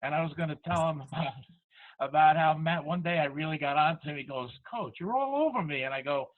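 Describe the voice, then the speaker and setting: A man, a high school baseball coach, telling stories in a folksy way, chuckling as he goes. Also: level tone, fast. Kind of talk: casual storytelling. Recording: tinny phone-like line.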